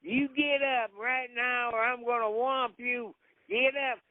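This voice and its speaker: Man playing a backwoods hunter, high strained drawl, calling to a fallen comrade, tinny phone line. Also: steady tone, takes it slowly, dry recording. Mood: coaxing.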